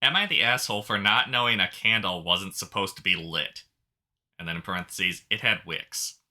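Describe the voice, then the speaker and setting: A man's voice: low-pitched, normal speed, bright, forceful tone. A man co-hosting a podcast, reading online stories aloud and trading dry jokes in casual chat. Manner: dry joking banter. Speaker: podcast co-host.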